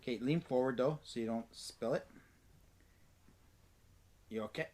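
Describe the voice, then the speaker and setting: Chatty dad hosting a family vlog. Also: male voice, medium pitch, unhurried, pauses often, mellow. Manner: chatty and exclamatory, repeats himself. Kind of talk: casual family vlog chat.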